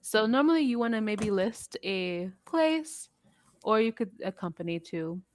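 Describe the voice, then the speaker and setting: A woman's voice: medium pitch, lively intonation, a little slow, no echo, clean studio sound. A woman with a standard American accent teaching English on a video call, patient and friendly as she explains pronunciation. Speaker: English tutor. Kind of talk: online English lesson.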